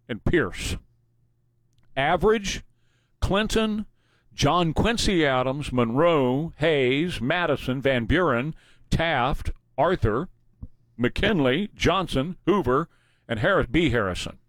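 A man hosting a talk show, telling stories in a casual, animated way. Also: on the high side, dry recording. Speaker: radio show host.

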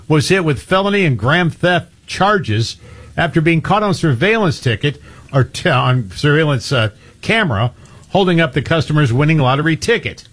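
Brief: male radio co-host, husky tone, wry story reader. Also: a little high, fairly bright tone. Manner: wry, reads news stories aloud with asides. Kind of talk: casual radio banter.

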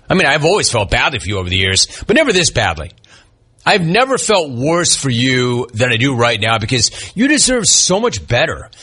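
Male sports talk host, heated mocking monologue, lively bright delivery. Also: medium pitch, slightly rough. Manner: ranting, sarcastic, mocking.

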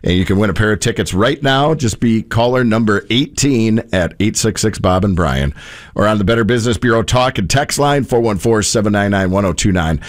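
A man hosting a morning radio show, chatting easily, laughing along and reading contest details briskly. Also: on the low side, expressive. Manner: easygoing, laughs along, brisk announcer reads. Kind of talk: casual radio banter and promo reads.

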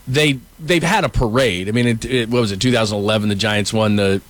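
A middle-aged man, a sports journalist and co-host, telling stories in casual sports talk with quick asides. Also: fairly low pitch. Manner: animated storyteller, quick asides.

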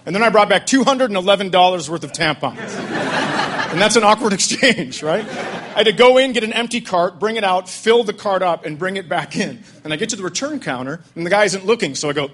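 A middle-aged man telling stand-up stories about fatherhood in a deadpan, conversational way. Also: high voice, a little fast, a little hiss or hum. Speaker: stand-up comedian. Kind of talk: stand-up storytelling.

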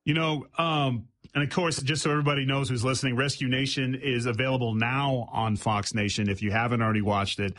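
A man's voice: mid-range voice, flat delivery, fairly quick, few pauses, fairly bright tone. A male radio host asking stumbling, joking questions in a casual interview.

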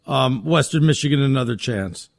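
A man's voice: medium pitch, animated, normal speed, creaky, no room sound, studio quality. A man co-hosting a sports talk show, wry and sarcastic in casual chat. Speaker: sports radio co-host.

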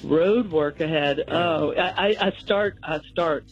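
A woman's voice: deep voice, slow pace, muffled recording, faint music behind. A woman calling in to a radio show, talking in a rambling, self-mocking way. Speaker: caller. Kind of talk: casual chat.

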